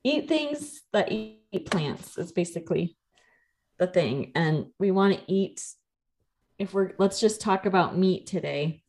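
Chatting casually as a podcast co-host, a thirties-aged nutrition coach explains topics in a relaxed way, quick to laugh. She speaks a little slowly, with an expressive, somewhat mellow, lower-pitched voice.

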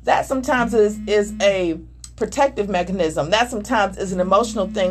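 A woman's voice: mid-range voice, brisk, slight background noise. A middle-aged woman speaking candidly and emphatically in a conversation, now and then acting out other voices. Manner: earnest, emphatic, acts out voices mid-story. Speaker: married panelist discussing communication.

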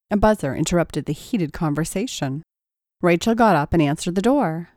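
A woman reading a story aloud in a measured, expressive narration. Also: lowish voice, no room sound, studio quality. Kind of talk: audiobook narration.

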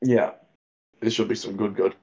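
A man's voice: on the low side, fairly even intonation, normal speed, darkish tone. An English man co-hosting a podcast in casual chat, rambling and joking with lots of fillers, recorded remotely. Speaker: podcast co-host. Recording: dull lo-fi remote call audio.

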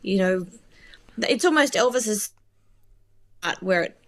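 Chatty woman, halting and emotional. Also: medium pitch, expressive, fairly bright tone. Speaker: filmmaker being interviewed. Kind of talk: casual interview conversation.

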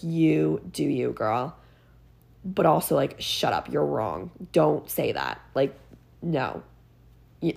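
A woman's voice: sits low, vocal fry. A teenage girl hosting her own podcast, sick and congested, ranting casually with sarcastic exasperation and plenty of "like". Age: teens. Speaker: podcast host.

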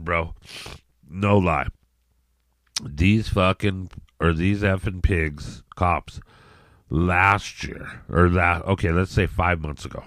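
Man, extremely low voice, dry close sound, rambling, profane, casual solo podcast. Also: a bit bright, no room sound. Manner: rambling, profane, repeats words and restarts, frequent "you know what I mean". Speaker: podcast host.

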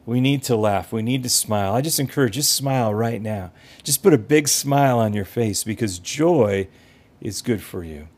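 A man delivers a podcast sermon in an earnest, encouraging way. His voice sits at an ordinary middle pitch. He drives points home by repeating short phrases. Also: normal speed, darkish tone. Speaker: pastor and podcast host.

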